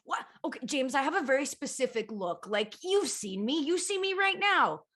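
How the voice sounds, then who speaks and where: A Canadian woman talking over a video call, her voice pitched a touch high and swinging widely as she jokes about herself. She laughs often and jumps between teasing and mock panic. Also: moderate pace. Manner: animated, laughing, self-mocking. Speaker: guest. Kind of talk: casual comedic chat on a video call.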